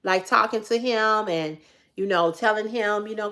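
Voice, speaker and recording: A woman hosting a live stream, telling a family story in a blunt, profane, animated way and talking back to her chat. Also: mid-range voice, moderate pace. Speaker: livestream host.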